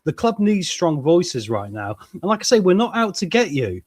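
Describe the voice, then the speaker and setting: An exasperated man rants in fan banter, his voice swinging widely in pitch. It sits a little high, and he sounds animated and worked up. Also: moderate pace. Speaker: watchalong presenter. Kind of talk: casual podcast banter.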